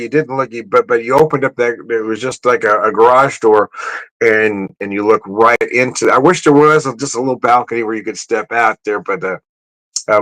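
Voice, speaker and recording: A man chatting casually on a home livestream about beer, rambling from one thought to the next. His pitch sits in the middle of the range, and he laughs often and doubles back on his words. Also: fairly bright tone, poor audio. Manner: rambling, chuckling, self-correcting; raises his voice high to mimic greetings. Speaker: beer vlogger.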